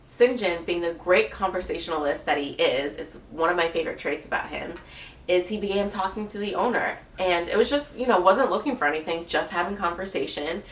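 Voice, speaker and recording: A woman in her late twenties telling a travel story in a relaxed, chatty way, with frequent laughs and fillers. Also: fairly low pitch. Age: late 20s. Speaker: vlogger. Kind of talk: casual storytelling. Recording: echoey room, voice a bit far from mic.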